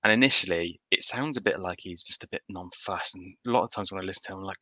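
A man's voice: sits low, quick pace, bright, forceful tone, low-quality recording. A man co-hosting a podcast, talking casually and animatedly about football picks, often restarting his sentences. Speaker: podcast co-host. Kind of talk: casual sports chat.

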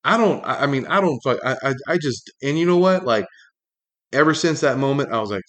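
A man hosting a talk show, ranting in a loose, profane monologue full of fillers, his pitch jumping up when he gets angry. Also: animated, a little fast, fairly bright tone. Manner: rambling, heavy swearing, many fillers, pitch jumps when angry. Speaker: podcast host.

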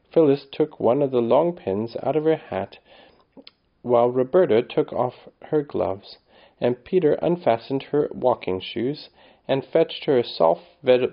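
A man reads a storybook aloud in a steady, measured way, his voice sitting at a middling pitch. The recording is slightly dull and lo-fi. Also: vocal fry. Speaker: narrator. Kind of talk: storybook reading.

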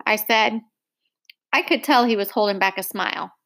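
A woman narrating a first-person novel aloud, expressive and acting out the dialogue. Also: mid-range voice, normal speed. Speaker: audiobook narrator.

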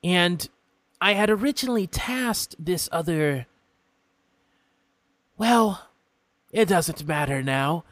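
A man's voice: sits high, animated, slow, long pauses, fairly bright tone, dry recording, voice pushed up, full character voice. A man voicing a courteous, secretive male imp from the Nine Hells, who speaks in a formal, lilting manner.

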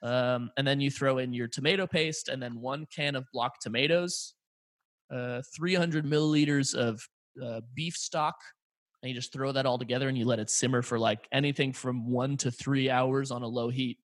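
A man's voice: medium pitch, steady tone, normal speed, dry recording. An American man co-hosting a podcast in an office, talking loosely and profanely, explaining things with relish and laughing easily. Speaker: podcast co-host. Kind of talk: casual chat. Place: office room with a large archway.

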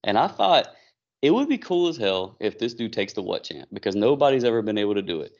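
Gravelly low-voiced man, lively recap. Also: fast. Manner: animated retelling, acting out quotes. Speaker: podcast co-host. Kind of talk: casual recap chat. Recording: dull lo-fi recording.

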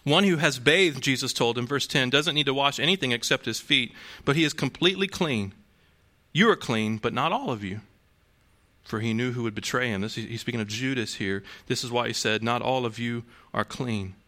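A man's voice: medium pitch, moderate pace, sharp tone. A man preaching a sermon to a congregation in a conversational way, asking rhetorical questions and restarting phrases. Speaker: pastor.

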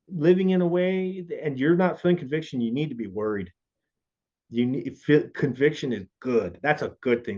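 A man's voice: fairly high pitch, a little mellow, husky. Earnest man telling a testimony, lo-fi. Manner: earnest, emotional storytelling. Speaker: guest. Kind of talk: personal faith testimony. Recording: dull lo-fi audio.

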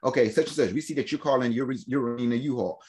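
A man telling a long story in casual podcast chat, animated and slangy, laughing often and acting out the voices of the people in it. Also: mid-range voice, fast. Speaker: podcast host.

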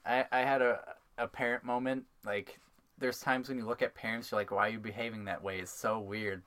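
A man's voice: medium pitch, fairly even intonation, a little fast, fairly bright tone. A young man co-hosting a casual podcast, crude and joking, laughing often. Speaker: podcast co-host.

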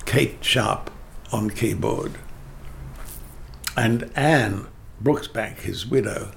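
Gravelly older man, theatre director. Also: lowish voice, very slow, fairly bright tone, slight background noise. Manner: anecdotal, emphatic, with frequent restarts. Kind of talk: interview conversation.

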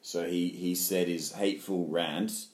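Man, very low voice, hesitant rambling, lots of ums, echoey room. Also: fairly even intonation, a little slow. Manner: hesitant, many fillers, rambling. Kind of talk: casual conversation.

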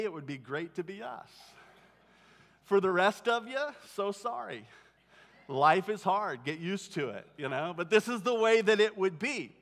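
A man's voice: high voice, fairly bright tone. A male pastor preaching a sermon in a church, telling the story conversationally and acting out voices. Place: church sanctuary. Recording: long hall reverb.

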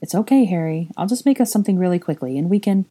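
A woman's voice: on the low side, lively intonation, fast talker, warm tone. A woman voicing an earnest, bossy young witch who talks urgently and insistently.

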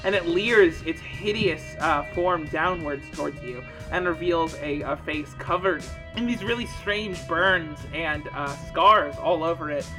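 A man's voice: on the high side, a little slow, hardly any pauses, music in the background. A man narrating as game master in a casual, filler-heavy way. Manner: casual, many fillers, describes scenes.

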